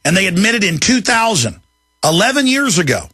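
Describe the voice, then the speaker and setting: A man, hosting a talk radio show in an angry, emphatic rant that climbs into shouting. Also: sits high, big pitch swings, normal speed, no echo, clean studio sound. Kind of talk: ranting talk radio monologue.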